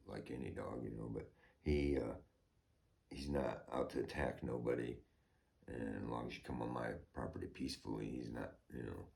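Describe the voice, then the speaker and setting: Very deep-voiced rambling American man. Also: gravelly. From United States. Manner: rambling, profane, swings from subdued to heated. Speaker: homeowner vlogger. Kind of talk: rambling personal vlog.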